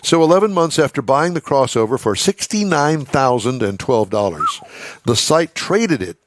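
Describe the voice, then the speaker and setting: A man's voice: medium pitch, very animated, moderate pace, noisy background. A man hosting a radio car show in casual on-air chat. He reads news items aloud and adds wry asides. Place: radio studio.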